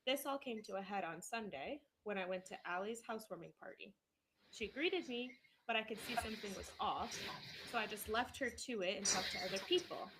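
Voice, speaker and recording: A young woman co-hosts a casual podcast and reads a story aloud with lively, animated delivery. Her voice sits at a middle pitch. The recording has clear background noise. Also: a little fast, low-quality recording. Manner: animated reader with laughs. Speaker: podcast co-host.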